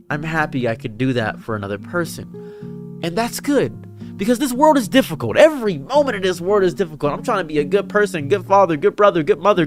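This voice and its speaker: A man with a fairly high voice delivers a heartfelt, dramatic monologue, telling personal stories to make his point. His pitch swings widely from line to line. A faint guitar plays underneath. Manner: earnest, preachy and dramatic. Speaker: streamer and commentary creator. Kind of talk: reflective storytelling monologue. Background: faint guitar music.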